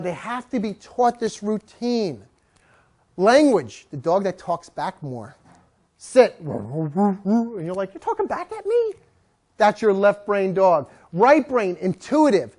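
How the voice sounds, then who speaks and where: Animated dog trainer giving a talk. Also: medium pitch. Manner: animated, acts out what dogs are thinking.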